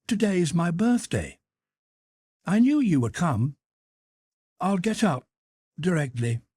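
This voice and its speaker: Male narrator voicing a fretful little boy, high-pitched, excited, storybook. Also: takes it slowly, breathy edge, dry recording, exaggerated voice. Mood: eager. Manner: high, eager, fretful child's voice. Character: sleepy affectionate little boy.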